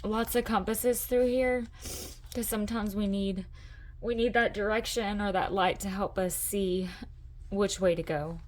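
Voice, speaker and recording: A woman's voice: mid-range voice, steady tone, a little slow. A middle-aged woman hosting her own craft channel, chatting enthusiastically through a casual show-and-tell vlog.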